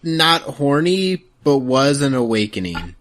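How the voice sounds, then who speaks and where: A man's voice: mid-range voice, sing-song, unhurried, fairly bright tone, a little hiss or hum. A man co-hosting a podcast in casual chat, chiming in with dry one-liner quips. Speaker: podcast co-host.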